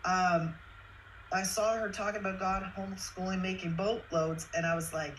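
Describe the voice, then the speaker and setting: A woman's voice: mid-range voice, a little slow, slight background noise, low-quality recording. Earnest single mom telling her story. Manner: earnest, tearful at times, excited, chatty. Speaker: guest sharing her story. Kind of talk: emotional personal testimony.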